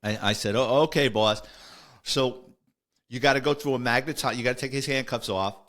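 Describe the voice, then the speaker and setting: A man's voice: medium pitch, fairly quick, a bit bright. An older man, a retired police officer telling stories on a podcast in a rambling way, full of fillers and self-corrections. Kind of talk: casual storytelling.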